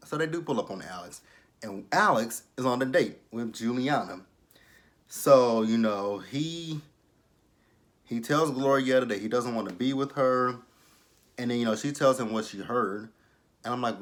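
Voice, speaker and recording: A man's voice: medium pitch, moderate pace. Blunt, foul-mouthed man reviewing reality TV. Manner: blunt, profane, exasperated. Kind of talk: casual commentary.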